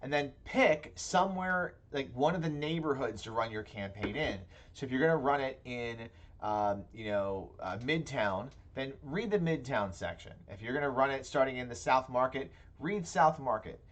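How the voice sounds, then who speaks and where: A man's voice: mid-range voice, expressive, moderate pace, hardly any pauses. A man co-hosting a casual talk show, rambling playfully and trailing off into mumbles. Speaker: podcast co-host. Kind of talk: casual chat.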